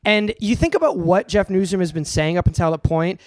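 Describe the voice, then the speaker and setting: A man's voice: high-pitched, lively intonation, fairly quick, no room sound, studio quality. A man co-hosting a comedy podcast, sarcastic and explaining at length. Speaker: podcast co-host. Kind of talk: casual comedic chat.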